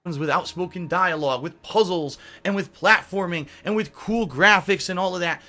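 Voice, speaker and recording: A man narrating a scripted game review in a measured, self-assured way. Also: high voice, bright, forceful tone. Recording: clip with music underneath.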